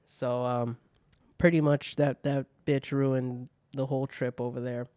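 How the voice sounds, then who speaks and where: A man's voice: mid-range voice, flat delivery, a little slow, dark tone, clear, resonant tone, no echo, studio quality. A young man hosting a solo podcast, telling stories in a casual, profane way. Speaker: podcast host.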